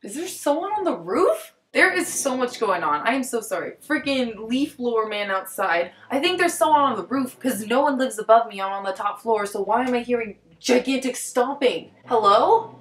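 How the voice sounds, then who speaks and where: A woman giving a casual book review at home, excitable and rambling, with lots of "like" fillers. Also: on the high side, moderate pace, echoey room. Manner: excitable and rambling, heavy use of "like". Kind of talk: casual book talk vlog. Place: top-floor apartment at home.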